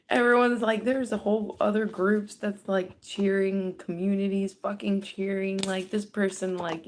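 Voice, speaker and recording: A woman giving a casual psychic reading aloud, talking loosely and swearing, moving between hushed murmurs and excited bursts. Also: medium pitch, measured pace, few pauses, a little hiss or hum. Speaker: psychic reader. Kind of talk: casual spoken card reading.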